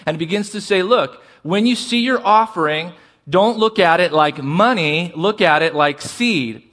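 A man preaching a sermon as pastor, asking the congregation for responses and slowing down to stress key words. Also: high voice, fairly bright tone.

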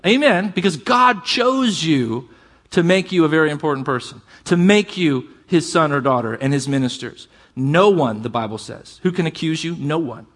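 High-voiced man preaching with passion. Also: lively intonation, a bit bright. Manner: impassioned preaching with conversational asides; reads scripture aloud with drawn-out emphasis. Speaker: pastor. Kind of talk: sermon.

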